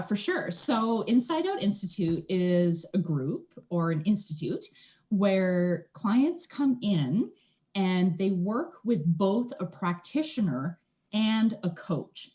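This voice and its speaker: A woman speaking as a guest in an interview, explaining things in a chatty, casual way and often checking in with "right?". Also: mid-range voice. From Canada. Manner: chatty, often tags "right?", animated asides. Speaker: energy healer, guest.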